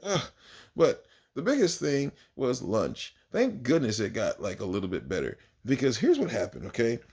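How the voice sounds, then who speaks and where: Animated, gravelly-voiced man telling classroom stories. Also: medium pitch, normal speed. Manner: animated storyteller, swinging up for acted exclamations. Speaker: kindergarten teacher. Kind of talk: casual anecdotal monologue.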